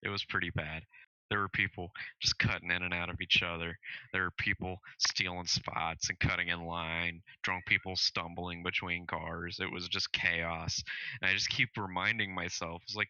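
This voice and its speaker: A man co-hosting a casual podcast, blunt and quick to swear, often laughing. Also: sits low, flat delivery, sharp tone, no echo, muffled recording. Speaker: podcast co-host. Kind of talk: casual chat.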